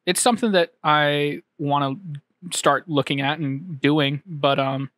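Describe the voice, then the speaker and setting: A man co-hosting a podcast, talking casually at a studio microphone with halting restarts and lots of ums. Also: on the high side, a bit bright, no room sound. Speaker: podcast co-host. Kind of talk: casual chat.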